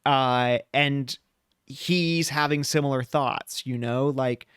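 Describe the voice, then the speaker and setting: Animated man with a smooth voice. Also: mid-range voice, slow pace, no echo, studio quality. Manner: animated, playful when paraphrasing old texts. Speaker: podcast co-host, priest. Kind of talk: casual chat.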